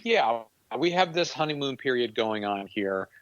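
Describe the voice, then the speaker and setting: A man talking casually about sport, skeptical and opinionated, working his thoughts out as he goes. His voice sits at an ordinary middle pitch. The recording is dull and a little muffled, and the sound is dry and close. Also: animated, normal speed, no echo. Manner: opinionated, skeptical, thinking aloud. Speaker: podcast co-host.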